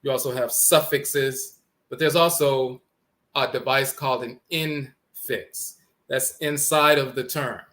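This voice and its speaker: A man lecturing on language origins, deliberately spelling out letters and repeating each word as he points to text on screen. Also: medium pitch, fairly even intonation, a bit bright.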